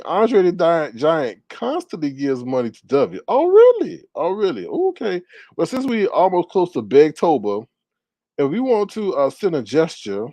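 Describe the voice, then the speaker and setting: A man hosting a casual live stream, reading viewer comments aloud and reacting with sassy, animated remarks. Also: on the high side, dry recording.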